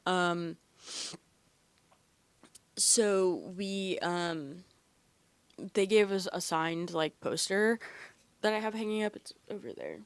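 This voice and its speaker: A young woman hosting a podcast, telling stories in a chatty, animated way with lots of fillers and the odd swear word. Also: on the low side, slow pace, pauses often, clear, resonant tone, no echo. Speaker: podcast host. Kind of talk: casual chat.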